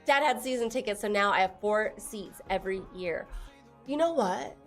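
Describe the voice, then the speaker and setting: A woman's voice: mid-range voice, lively intonation, moderate pace, faint music behind. A young woman from Texas chatting casually on a live stream, laughing often and teasing her viewers as she reads their messages. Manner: giggly, teasing, reads chat aloud.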